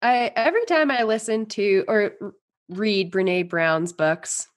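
A woman's voice: medium pitch, a little slow. A woman guest on a podcast, talking earnestly and at length in a rambling, casual way. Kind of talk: casual interview chat.

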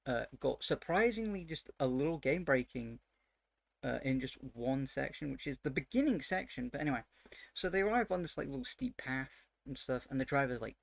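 A man with a gravelly, fry-edged voice tells how his tabletop game session went, dungeon master style. He rambles and stacks up fillers, then gets worked up and exasperated. The sound is close and dry with no room around it. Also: on the high side, moderate pace, dry recording. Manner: rambling, full of fillers, grows excited and exasperated.

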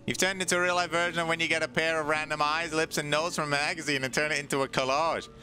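A male streamer giving casual, joking gameplay commentary, excitable and dropping into goofy low voices now and then. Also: quick pace, soft background music.

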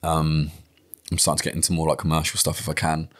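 A man's voice: a bass voice, completely flat delivery, quick pace. A man talking as a guest on a podcast, rambling casually with many fillers and frequent swearing.

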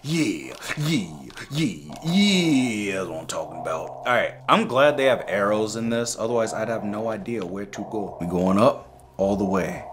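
A man in his twenties giving excitable game commentary, yelling, joking and talking to viewers. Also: lowish voice, unhurried, a little hiss or hum. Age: 20s. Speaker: gaming YouTuber. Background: game music.

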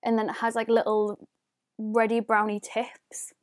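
A woman's voice: on the high side, completely flat delivery, measured pace. A woman, chatting casually and rambling as a beauty vlogger showing off her presents. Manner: chatty, rambling, lots of "like" fillers. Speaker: beauty YouTuber. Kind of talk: casual unboxing vlog.

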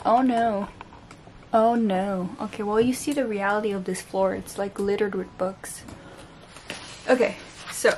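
A woman's voice: medium pitch, noisy background. A tired, sleep-deprived woman with a French accent chatting casually while unboxing books at home, joking at herself and stumbling over words. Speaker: book vlogger. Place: home room with books on the floor.

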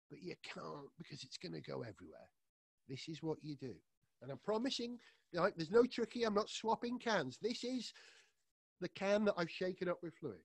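A man leads an enthusiastic science demonstration for children from his living room. His voice sits high and swings widely in pitch as he talks. The sound is dry and close, with no room echo. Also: very animated, moderate pace, creaky, breathy edge. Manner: enthusiastic, playful, addresses children directly. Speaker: science presenter.

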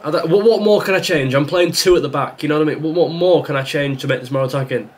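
A man's voice: fairly high pitch, fast talker. A young man commentating his own football video game, exasperated and sarcastic as he rants at the match. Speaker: gaming YouTuber. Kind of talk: frustrated live gameplay commentary.

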